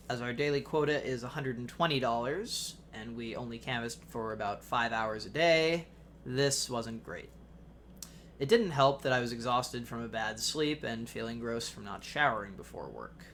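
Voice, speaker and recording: A young adult man narrating a personal essay in a measured, wry storytelling manner. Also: medium pitch, fairly bright tone, slight background noise. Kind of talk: reading a personal essay aloud.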